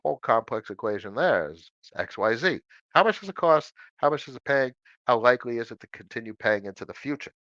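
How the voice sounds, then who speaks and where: A man's voice: mid-range voice, brisk, no room sound, dull audio. A middle-aged man hosting a casual livestream Q&A at his home desk, chatty and answering viewers' questions. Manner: animated, chatty, answers questions by reading them aloud.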